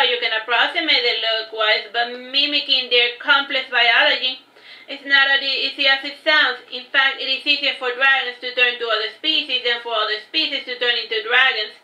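Woman reading her own fantasy book out loud, stumbles and restarts a lot, echoey room. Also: high-pitched. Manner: unpolished reading with restarts and asides. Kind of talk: reading aloud a fantasy novel.

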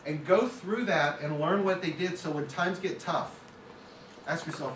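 A man's voice: on the high side, moderate pace, a little hiss or hum. A man giving a conversational, story-filled talk as guest speaker to a film school class, picked up by a distant mic. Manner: conversational, anecdotal. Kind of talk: classroom lecture with stories. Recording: echoey room, distant mic.

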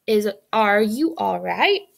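A sensible young girl, kind but firm and reassuring, as a woman reads her aloud. Her voice has a light gravelly texture. She belongs to a read-aloud storybook. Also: mid-range voice, animated, slow pace, full character voice.

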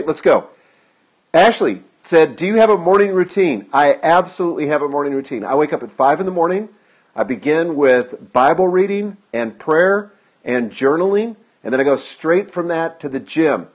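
A man's voice: medium pitch, a little mellow, husky. A middle-aged man hosting a live-stream Q&A, upbeat and direct, reading viewer comments aloud into a phone camera. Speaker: host.

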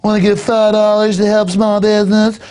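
A man voicing a trendy coffee shop barista in a mocking falsetto, sing-song and prissy. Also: monotone, moderate pace, a little mellow, clear, resonant tone, close to an everyday voice, low-quality recording.

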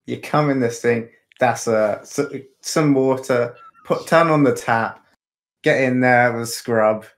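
A man's voice: medium pitch, measured pace. A man being interviewed over a video call, earnestly explaining his answers step by step. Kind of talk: casual chat.

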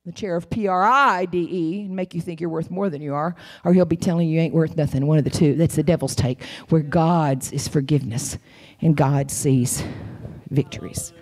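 A guest preacher, a woman, delivers a sermon in church, telling her story dramatically as she drops to whispers and leaps to high cries. Her tone is steady and a little mellow, at a moderate pace.

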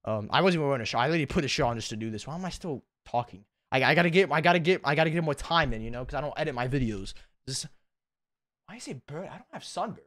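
Talking rapid-fire in an expressive, high-ish, slightly bright voice, a tired young YouTuber rambles through an unedited vlog. Recorded at home on a desk mic with no room sound, he's casual, self-deprecating and cusses a lot.

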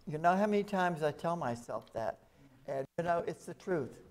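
A man's voice: on the high side, expressive, normal speed. A man preaching an evening sermon at a rescue mission, talking plainly to the congregation and reading scripture aloud with rising emphasis.

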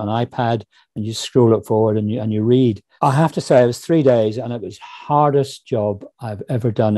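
A man with a Northern Irish accent, a guest author on a podcast, telling stories quickly and animatedly and slipping into voices when he quotes people. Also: mid-range voice, dry recording. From Northern Ireland. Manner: quick, animated storytelling, slips into voices when quoting others. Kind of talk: casual interview chat.

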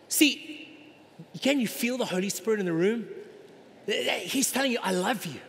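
High-voiced male pastor preaching in a reverberant hall. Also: normal speed, gravelly, a little hiss or hum. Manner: animated preaching, acts out voices of the congregation. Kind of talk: sermon. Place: large church hall.

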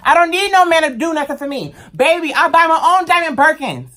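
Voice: high-pitched, big pitch swings, a little fast, pushed and bright, a little hiss or hum. A vlogger ranting to camera in a heated, emphatic and profane way, blunt and full of slang. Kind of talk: impassioned rant to camera.

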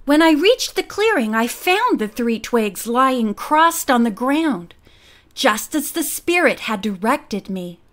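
A woman voicing an excitable, flustered elderly widow in an audiobook mystery, rushing through her words with excitement. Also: a little high, exaggerated voice. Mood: excited.

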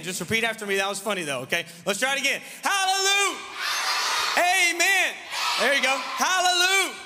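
A man leading a lively children's revival service, joking and teasing the kids while he gives them actions and call-and-response lines. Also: sits high. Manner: playful, teasing, loud leader of a crowd of kids. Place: large church sanctuary. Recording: reverberant church hall, faint room noise.

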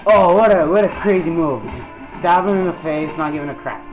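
A man's voice: fairly high pitch, brisk. A young man giving casual, jokey commentary over a video game, yelping and putting on silly voices as he plays. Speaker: gameplay commentator. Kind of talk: casual let's-play commentary. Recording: dull lo-fi mic with game music.

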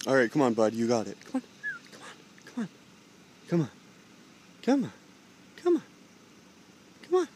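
A man's voice: medium pitch, wildly swooping pitch, moderate pace, long pauses, a little mellow, a little hiss or hum. A man sitting in a parked car outdoors, coaxing birds with sweary, sing-song chatter. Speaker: man feeding ravens from a car.

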